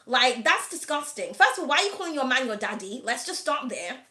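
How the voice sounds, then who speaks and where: A woman in candid chat to camera, blunt and quick to swear. Her voice sits high and sounds bright and sharp. The room around her gives an echo. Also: very animated. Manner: frank and blunt, swears freely, laughs often. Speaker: host of an astrology reading channel.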